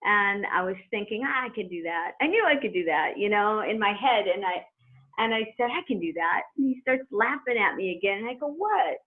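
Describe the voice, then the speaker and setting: A woman's voice: medium pitch, brisk. Middle-aged woman chatting away on a phone line, telling stories, laughs a lot. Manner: chatty, animated storyteller who laughs as she talks. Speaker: guest, former wrestler. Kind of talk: telling a story in an interview.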